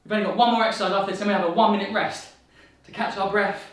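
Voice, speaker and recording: A man's voice: high-pitched, steady tone, very fast, fairly bright tone, recorded from a distance, a little hiss or hum. Upbeat male fitness coach, slightly breathless, heard off-mic in a very echoey room. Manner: upbeat, encouraging, counts reps aloud. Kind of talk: guided workout instruction.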